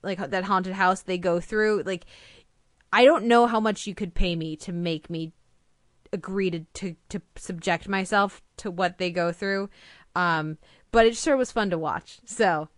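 A young woman co-hosts a casual TV review podcast with an enthusiastic, rambling delivery full of fillers and restarts. Her voice is smooth and clear. The recording is dry and close. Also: lowish voice, unhurried, no room sound.

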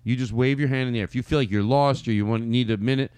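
A man's voice: medium pitch, steady tone, fast talker, a little mellow, clear, resonant tone, no room sound. A man hosting a comedy podcast, talking casually in rambling, playful asides. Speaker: podcast host.

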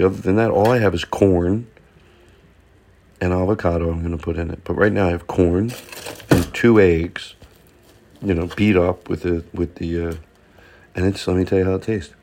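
A middle-aged comedian hosting his own show rambles casually while cooking and eating at home, caught on a phone propped up nearby. His low, gravelly, darkish voice keeps fairly even intonation at a moderate pace, pausing often. He interrupts himself and swears mildly.

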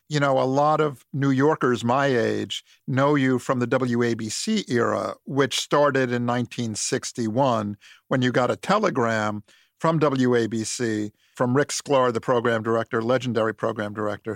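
A man's voice: medium pitch, gravelly, no room sound, studio quality. A man hosting an interview, laying out the background of his guest's career. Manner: informed, recapping history for the guest. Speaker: podcast host. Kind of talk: interview questions.

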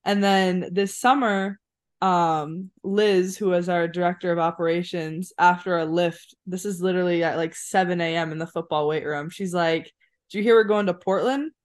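Chatty young woman, low voice. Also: flat delivery, normal speed, clean tone. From Maine, USA. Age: 20s. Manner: chatty, many fillers like "like" and "um". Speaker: college basketball player, guest. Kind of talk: casual interview chat.

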